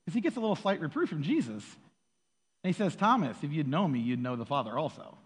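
Animated man preaching in an echoey hall. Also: on the high side, fast, slightly rough. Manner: animated, acts out quoted voices, laughs often. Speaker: pastor. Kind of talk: casual sermon.

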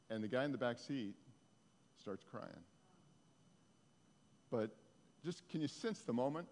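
Animated man telling a church story. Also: medium pitch, measured pace, pauses often, long reverb tail. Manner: animated storyteller, laughs often. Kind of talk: testimony story to a congregation.

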